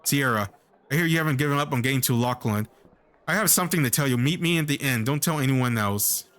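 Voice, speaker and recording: A man reading the lines of a secretive young male mercenary in a fantasy game, in a hushed, conspiratorial way. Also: medium pitch, quick pace, close to an everyday voice.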